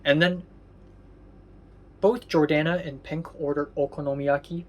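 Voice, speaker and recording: A man's voice: a little high, steady tone, a little slow, highs cut off. A young man chatting casually for a vlog. He rambles, stops often to restart, and swears in passing. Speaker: vlogger.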